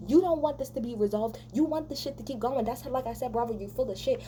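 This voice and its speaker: Angry woman vlogger, mellow dark voice, cursing rant, faint hum behind. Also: fairly high pitch, fast talker, hardly any pauses. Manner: profane, heated, sarcastic mimicking. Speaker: reality TV recap vlogger. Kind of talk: angry ranting recap.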